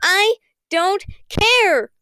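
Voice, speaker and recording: A woman voicing a tiny, cranky, stubborn girl who shouts in defiance. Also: very high-pitched, lively intonation, very slow, dry recording, studio quality, voice pushed up, exaggerated voice. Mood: defiant.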